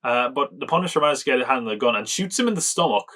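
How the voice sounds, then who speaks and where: An animated man races through a casual film review on his podcast, his mid-range voice fairly bright. He's chatty and mocking, using lots of "like" and other fillers and chuckling often.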